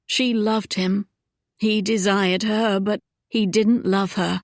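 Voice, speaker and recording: A woman narrating an audiobook in a measured, intimate storytelling manner. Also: medium pitch, steady tone, dry recording, studio quality. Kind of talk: scripted narration.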